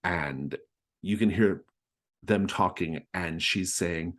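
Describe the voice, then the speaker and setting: Man, game master, tabletop narration, very low voice, casual, rambling. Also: slow pace, a bit bright.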